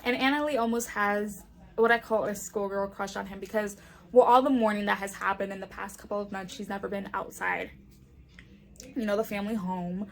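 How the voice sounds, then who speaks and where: A woman's voice: medium pitch, fairly even intonation, fairly quick, creaky. A young woman chatting casually in a book review vlog, often saying "like" and acting out the characters' lines. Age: young adult.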